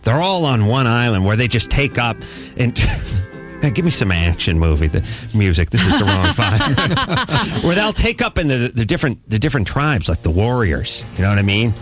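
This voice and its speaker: A man's voice: sing-song, moderate pace, fairly bright tone, soft background music. A man hosting a comic talk radio show, riffing and joking with a guest. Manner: joking, riffing, mock high voice for quotes. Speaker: radio host.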